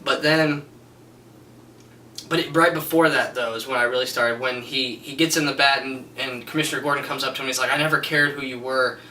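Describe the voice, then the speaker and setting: A man's voice: medium pitch, fairly even intonation, a little fast, bright, forceful tone, reverberant, far from the mic, a little hiss or hum, rough recording. Gushing man rambling through a film review. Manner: gushing, rambling with many restarts and fillers. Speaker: movie reviewer. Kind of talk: casual spoken film review.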